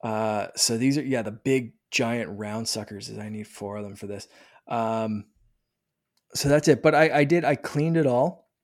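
A man in his thirties chatting casually as a podcast host, talking with excitement and often restarting his sentences. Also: mid-range voice, unhurried. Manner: rambling, excited, many restarts. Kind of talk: casual chat.

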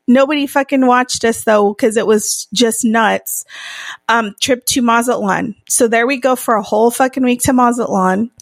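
A woman's voice: on the high side, no room sound, clean studio sound. A young adult woman co-hosting a podcast, telling a wild story in casual chat, swearing freely and laughing often. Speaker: podcast co-host.

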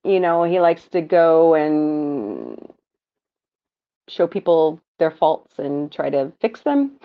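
A woman's voice: low-pitched, sing-song, takes it slowly. A woman hosting a casual movie recap podcast, rambling with frequent ums and laughs. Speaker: podcast host. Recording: dull lo-fi audio.

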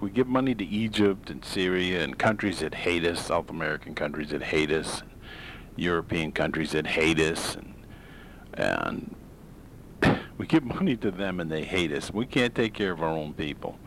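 A man's voice: sits low, animated, moderate pace, slight background noise, poor audio. A man hosting his own show, talking through opinions in a blunt, rambling, sarcastic monologue full of fillers and restarts. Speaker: podcast host. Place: home in Maine.

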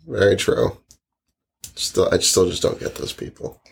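A young woman co-hosting a casual chat podcast, wry and quick with dry one-liners. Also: very deep voice, steady tone, gravelly, breathy edge. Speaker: podcast co-host.

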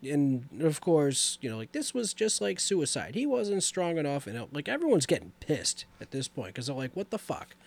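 A man's voice: on the high side, big pitch swings, moderate pace, vocal fry, few pauses. Rambling man recapping a movie. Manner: loose, rambling retelling with many fillers. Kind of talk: casual movie recap chat.

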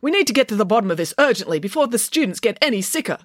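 A woman's voice: fairly high pitch, sing-song, racing, no echo, studio quality, pitched above the performer's own voice. Woman doing a blustering, flustered headmaster. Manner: blustering and exasperated. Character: flustered middle-aged male headmaster.

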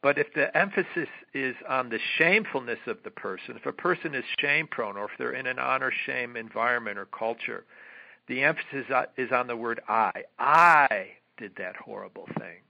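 A male guest author explains his ideas at length in an interview. His voice sits at an ordinary pitch, and he stumbles through fillers and restarts as he thinks. The audio is dull and lo-fi. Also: fairly quick, gravelly. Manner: hesitant, many fillers and restarts.

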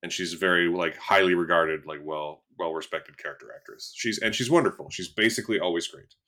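Deep-voiced guy on a movie podcast, dry tired delivery, lots of likes and trailing off. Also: a little fast, pushed and bright. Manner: dry, weary, trails off, many filler likes. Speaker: podcast co-host. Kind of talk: casual film review chat.

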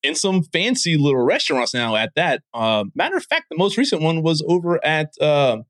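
A man's voice: on the high side, sing-song, normal speed, fairly bright tone, dry recording. A man hosting a podcast, talking in casual, profane, rambling chat and laughing often. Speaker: podcast host.

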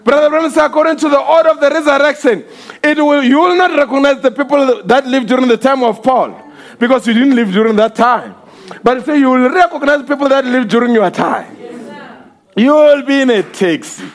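A man preaching with fiery passion, his voice pitched unusually high for a man. He shouts through the peaks, calls out hallelujah and slips into the voices of the people in his stories. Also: a little fast. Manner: impassioned, often shouting, cries of hallelujah; acts out quoted voices while storytelling. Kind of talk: fervent sermon.

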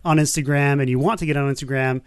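A man co-hosting a podcast, relaxed and agreeable, chatting casually. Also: medium pitch, fast talker, clean tone, no room sound. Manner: relaxed, agreeable, lots of backchannel. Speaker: podcast co-host.

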